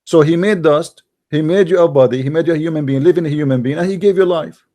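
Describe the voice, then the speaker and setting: Insistent debate host with a slightly high voice. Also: male voice, dark tone. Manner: insistent, rapid repeated questions. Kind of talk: live call-in debate.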